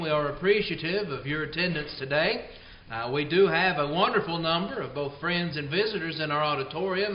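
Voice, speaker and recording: A man preaching a sermon in a church, folksy and unhurried, reading scripture slowly. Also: on the high side, slight background noise. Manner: folksy storytelling, slow deliberate scripture reading. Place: church auditorium. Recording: roomy, slightly dull church radio broadcast.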